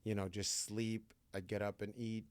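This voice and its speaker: A man hosting a candid podcast conversation, his voice sitting low as he tells his story with blunt, profane directness. The sound is close and dry, with no room around it. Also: flat delivery, normal speed, clean tone, no room sound. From New Jersey. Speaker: podcast host. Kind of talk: candid recovery podcast talk.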